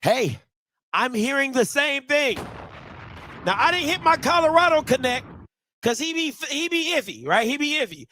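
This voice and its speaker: A man hosting a sports talk show with a Baltimore accent, speaking in quick, emphatic bursts and sometimes shouting. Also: very high-pitched, very animated, slight background noise. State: out of breath. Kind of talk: excited sports commentary with call-ins.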